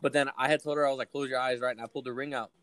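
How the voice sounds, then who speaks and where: A man's voice: mid-range voice, fairly even intonation, rapid-fire, fairly bright tone, no echo. A young man casually telling a long story to friends, rambling and profane with lots of fillers. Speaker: podcast co-host telling a story.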